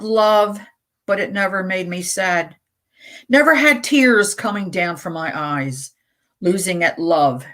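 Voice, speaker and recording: Slow, deliberate woman poetry reader. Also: fairly low pitch, a bit bright. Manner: slow, deliberate reading with casual asides. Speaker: radio show host reading poems. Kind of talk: poetry reading on community radio.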